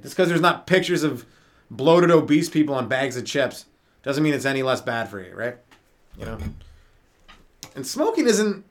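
Rambling, profane man, slightly high voice. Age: young adult. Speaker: comedian podcast host. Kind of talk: rambling stand-up style monologue.

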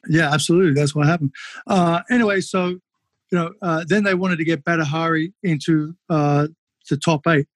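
Animated man telling fight stories. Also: a little high, normal speed, dry recording. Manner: animated, swears freely, many fillers. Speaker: podcast guest, former kickboxer. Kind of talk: casual storytelling.

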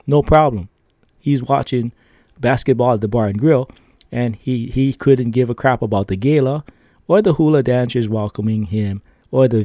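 A man hosts his own podcast and tells a loose, rambling story packed with fillers and tag questions. He laughs between lines. His voice is mellow and warm, and the sound is dry with no room echo. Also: mid-range voice. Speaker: podcast host. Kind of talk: casual storytelling.

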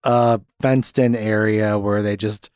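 A man's voice: lowish voice, fairly even intonation, takes it slowly, a little mellow, clean tone, dry recording, studio quality. A man talking casually as a podcast guest, laughing often and retelling scenes with quoted lines. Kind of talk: casual movie review chat.

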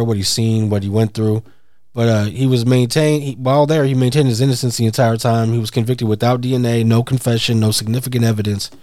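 Male co-host relaxed storyteller, mid-pitched voice, dry close sound, casual swearing. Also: no room sound. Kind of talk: casual chat.

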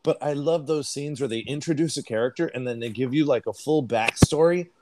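A man co-hosting a casual movie review podcast, talking in an animated way, stretching words for emphasis and asking the listeners questions. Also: medium pitch, fairly quick, background noise. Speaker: podcast co-host.

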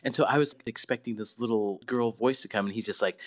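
A man's voice: lowish voice, fast, no echo, dull audio. A man on a podcast, telling stories in a casual chat and laughing often. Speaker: podcast guest.

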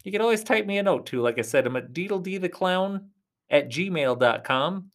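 A man chatting alone on his podcast in a rambling, friendly way, speaking straight to his listeners. His voice sits a little high for a man. He often sinks to a soft near-whisper before coming back up. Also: lively intonation, moderate pace. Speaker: podcast host. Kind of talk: casual solo podcast chat.

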